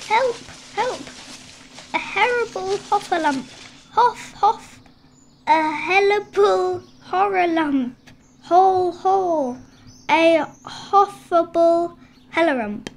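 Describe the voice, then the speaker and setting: Piglet, a woman doing a squeaky panicky little pig. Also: slow, vocal fry, exaggerated voice. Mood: panicked. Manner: panicky, breathless, stammering. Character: small timid young male piglet, easily frightened. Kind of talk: storybook reading.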